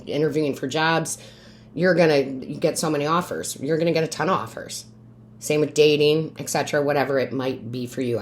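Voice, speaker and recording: A woman reading tarot cards for her viewers. She talks in an emphatic, coaching way, often checks in with "right?", and asks the cards for messages in quiet asides. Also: sits low, a little hiss or hum. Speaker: tarot reader and medium.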